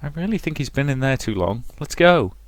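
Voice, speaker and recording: A man's voice: very animated, fairly quick, slight background noise, close to an everyday voice. A man voicing panicked young schoolgirls from a visual novel, crying out frantically. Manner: frantic, shrill cries. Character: panicked young schoolgirls, female, high-strung.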